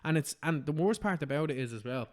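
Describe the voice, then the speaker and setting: Fast-talking Irish man, sweary. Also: a little high, expressive. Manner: rapid, sweary, full of "do you know what I mean". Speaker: podcast host. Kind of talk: casual podcast chat.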